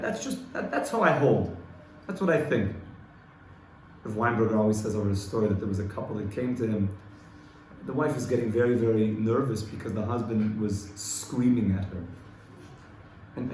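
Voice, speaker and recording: A man teaching a Torah class to a small group, earnest and rhythmic, swelling louder and higher to stress his points. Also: a little hiss or hum. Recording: echoey room, faint room ambience.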